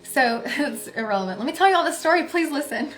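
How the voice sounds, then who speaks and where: A woman telling viewers a personal story in a casual, chatty way, full of filler words and soft laughs. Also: high-pitched, expressive, fast, faint music behind. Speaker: spiritual reader.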